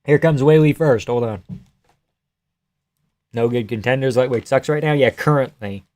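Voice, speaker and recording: A man streaming live and reacting to a fight card in an offhand, profane way. He reads chat messages aloud and answers them with quick jokes and loose banter. His voice sits at an ordinary middle pitch for a man. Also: a little mellow, no echo. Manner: casual and profane, reading chat aloud, joking.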